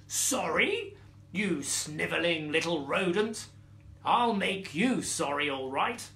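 A man's voice: high voice, sing-song, slow, sharp tone, heavily acted. A man voicing a proud, grumpy lioness in a bedtime story, haughty and scornful. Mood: furious.

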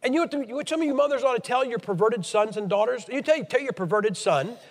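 A man's voice: extremely high pitch, expressive, quick pace, in a large hall. An American man from Ohio preaching a blunt, emphatic, scolding sermon to a church meeting. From Ohio, USA.

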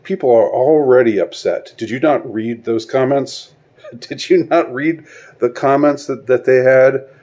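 An online commentator delivers a spoken video monologue, halting and searching for words while asking sarcastic rhetorical questions. His voice is medium in pitch with a dark tone.

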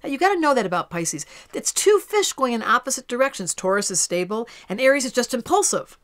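A woman astrologer giving a casual horoscope talk to camera in a playful way, drawing out her soft words. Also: a little high, sing-song, brisk.

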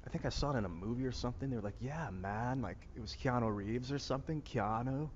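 Racing along at medium pitch, a man with a Northeast Ohio accent rambles casually in a rooftop vlog among plants, his musings full of fillers and restarts. The recording sounds like a big room, with highs cut off and a little background noise.

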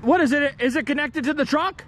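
A man vlogging as he explores outdoors, excitable and joking, swearing and easily startled. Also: very high-pitched, brisk, slight background noise. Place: outdoors, roadside ditch and bushes.

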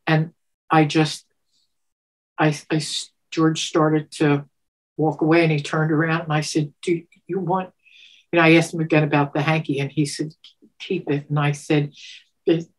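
Animated older woman telling a story. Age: 70s. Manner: animated, laughs often, acts out quotes with sudden pitch jumps; emotional, halting restarts. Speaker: interviewee. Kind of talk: storytelling, recounting a personal memory.

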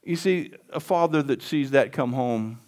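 A man's voice: mid-range voice, a little slow, darkish tone. A male pastor preaching a sermon in a folksy way, often calling out to the congregation for a response.

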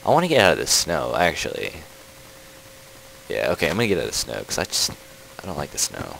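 A very low, gravelly male voice that jumps all over the place, joking and trash-talking animals as he plays. Easily sidetracked, he chats casually to his viewers. Clear background noise runs through a rough home recording. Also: wildly swooping pitch, fast, pauses often, fairly bright tone, low-quality recording. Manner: playful, jokey trash talk at game animals; rambling, easily distracted chatter. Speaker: let's play host. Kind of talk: casual gaming commentary.

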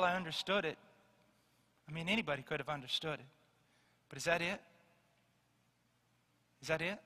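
A man's voice: a little high, bright, forceful tone, big-room sound. A man preaching a fervent, emphatic sermon.

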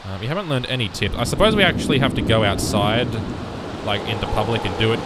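A young man giving casual let's play commentary, muttering through menu choices with sudden loud bursts of excitement. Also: mid-range voice, fairly quick. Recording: noisy background with game rain.

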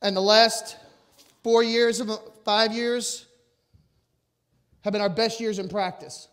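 A middle-aged man giving a motivational talk to an audience, loud and emphatic as he tells personal stories. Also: high-pitched, fairly even intonation, slow pace. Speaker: motivational speaker.

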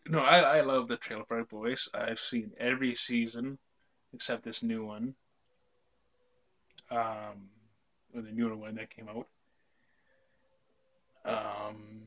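A man's voice: mid-range voice, fairly bright tone. A young man chatting casually on his vlog, rambling with lots of fillers and casual swearing. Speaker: vlog host. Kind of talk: casual chat.

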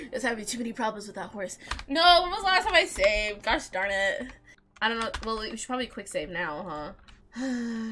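A woman giving casual let's-play commentary while gaming. She is chatty and excitable, and talks back to the characters on screen. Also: a little high, moderate pace. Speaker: gamer playing a role-playing game.

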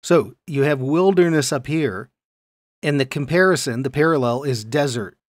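Male Bible teacher, mid pitch, explanatory lecture delivery, dry close sound. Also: normal speed, no room sound. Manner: explanatory, stresses key words, reads verses aloud.

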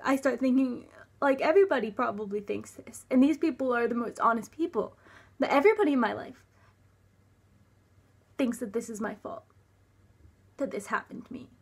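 A young woman telling a personal story to camera in a halting way. She restarts often, uses many filler words and sometimes drops to a near whisper. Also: fairly high pitch, a bit bright, slightly rough. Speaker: vlogger.

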